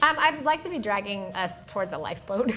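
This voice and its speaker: A woman's voice: mid-range voice, sing-song, a little fast. A woman playing a tabletop game, playful and giggly. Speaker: player. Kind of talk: tabletop role-play. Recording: echoey room with a crowd behind.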